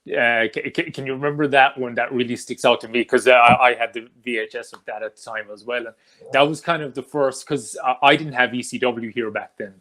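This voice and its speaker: A man hosting an interview, asking questions in a halting way full of "uh" and "um". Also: medium pitch, fairly even intonation, sharp tone. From Ireland. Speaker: podcast host. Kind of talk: casual interview.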